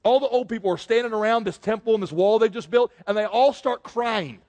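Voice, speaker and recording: Male pastor preaching, kinda high voice, goes soft then loud, big echoey church hall. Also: quick pace. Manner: dynamic preaching, dropping to quiet emphasis and rising in bursts. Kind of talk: sermon.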